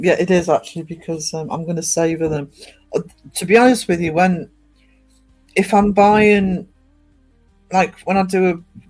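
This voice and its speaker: A woman from northeast England chatting on a casual livestream, reading out viewer comments and rambling with lots of ums and restarts. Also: lowish voice. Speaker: live streamer.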